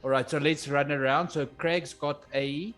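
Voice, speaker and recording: A man narrating as game master, unhurried, often pausing on "uh" as he sets scenes and calls for rolls. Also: on the high side, steady tone, fairly bright tone, soft background music. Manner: unhurried, with frequent "uh" pauses.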